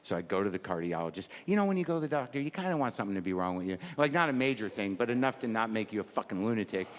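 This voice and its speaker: On a comedy stage before a live audience, a stand-up comedian in his fifties races through a rambling, self-deprecating routine, acting out his inner voices. His lowish voice swings widely in pitch, and the live mic in the large hall catches audience noise.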